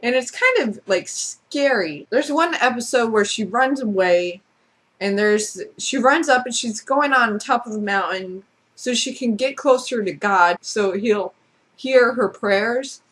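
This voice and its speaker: A woman's voice: a little high, lively intonation, measured pace, fairly bright tone. A woman vlogger in a casual, sarcastic rant who talks bluntly and swears freely. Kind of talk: casual ranting monologue.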